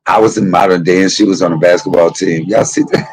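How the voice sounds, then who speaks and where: A man hosting his own show, telling a personal story in an animated, profane way and talking straight to his listeners. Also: low voice, fast talker, low-quality recording. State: emotional, tearful at times. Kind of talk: candid storytelling monologue.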